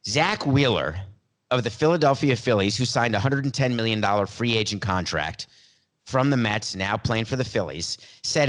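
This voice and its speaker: A man's voice: medium pitch, lively intonation, moderate pace, a bit bright. Sarcastic man hosting a sports podcast. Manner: sarcastic, playful asides, theatrical emphasis. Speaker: podcast host. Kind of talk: sports talk monologue.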